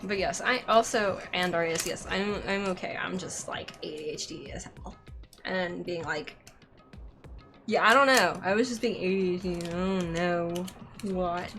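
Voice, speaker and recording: A woman's voice: lowish voice, measured pace, fairly bright tone. Woman gamer, scattered, rambling commentary with plenty of swearing; game music playing behind her. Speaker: let's play gamer. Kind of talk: casual gameplay commentary.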